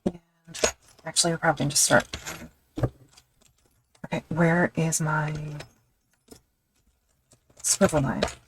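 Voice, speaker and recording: While tooling leather on a live stream, a woman chats casually, rambling, thinking aloud with fillers and joking at her own expense. Her low voice is fairly even and slow, with long pauses and background noise.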